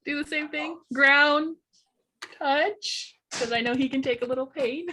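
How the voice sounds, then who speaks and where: A woman at a tabletop game talks through her character's moves in an earnest way, breaking into laughs. Her voice sits fairly high. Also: unhurried, bright, forceful tone, a little hiss or hum. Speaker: player. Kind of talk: tabletop role-play.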